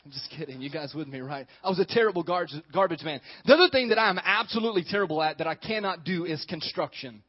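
High-voiced joking male pastor. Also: lively intonation, fast talker, few pauses, dull audio. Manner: joking, talks with the congregation. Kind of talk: sermon.

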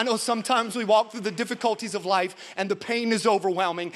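Male pastor, high voice, preaching a sermon with rising passion, calls out to the church. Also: fairly even intonation, fairly quick, hardly any pauses, fairly bright tone. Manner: preaching with rising intensity, calling out to the congregation; storytelling, tender and emotional.

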